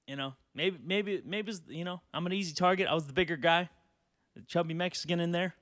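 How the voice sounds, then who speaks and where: A young man in his twenties rambles through a casual solo podcast, cursing freely and laughing between thoughts. His voice sits a little high for a man. The sound is dry and close to the mic. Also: brisk, fairly bright tone, dry recording. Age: 20s. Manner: rambling, profane, laughs often. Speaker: podcast host.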